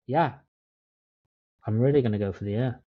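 A man in Dublin co-hosts a casual podcast chat over a remote call, laid-back, swearing now and then and calling his friend "mate." His voice is medium-pitched at normal speed, on a dry recording with the highs cut off.

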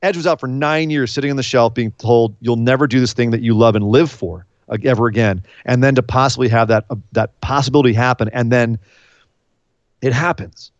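A man co-hosting a podcast in a casual recap chat, excitable and emphatic, sometimes choked up. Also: mid-range voice, brisk, dry recording, highs cut off. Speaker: podcast co-host.

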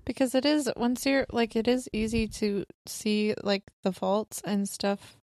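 A young woman talks slowly and casually, with plenty of filler words. She sounds relaxed as a podcast co-host. Her voice is close and dry, with no room sound. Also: a little high, dry recording. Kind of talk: casual chat.

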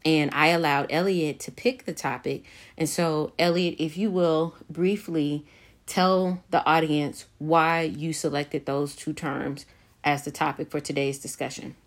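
Low-voiced woman hosting a podcast. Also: fairly even intonation. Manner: measured, reflective, with frequent fillers and restarts. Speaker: podcast host. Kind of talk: casual podcast conversation.

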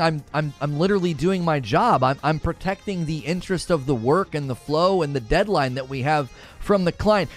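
A man streaming heated gaming commentary, sarcastic and animated, mocking viewers in put-on voices. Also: a little high, normal speed, few pauses, soft background music.

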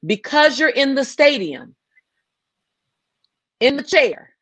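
A woman's voice: high-pitched, very animated, takes it slowly, a bit bright, no echo, muffled recording. A woman filmmaker talking passionately in an interview, often restarting and repeating her phrases. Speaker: filmmaker guest. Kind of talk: interview conversation.

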